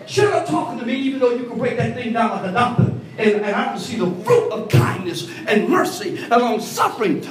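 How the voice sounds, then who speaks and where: A man preaching an animated call-and-response sermon, recorded from a distance in a church. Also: fairly quick, few pauses. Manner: animated call-and-response preaching, voice swooping high for quoted women. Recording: echoey hall, mic from afar.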